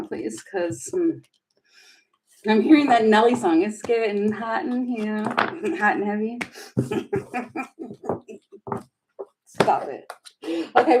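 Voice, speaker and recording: A woman's voice: mid-range voice, background noise. A woman giving a chatty live tarot reading, giggling and flustered as she talks. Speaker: tarot reader.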